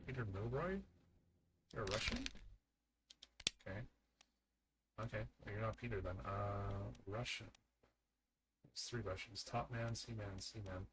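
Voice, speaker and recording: A man's voice: fairly low pitch, unhurried, pauses often, background noise. A man streaming a game live, thinking aloud and muttering his guesses as he works through a puzzle.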